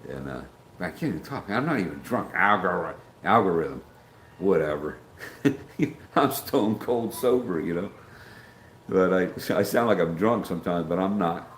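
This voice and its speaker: In a low, expressive voice and at a measured pace, a middle-aged livestream host rambles casually while welcoming chat viewers by name. The recording is roomy, with faint ambience and slight background noise.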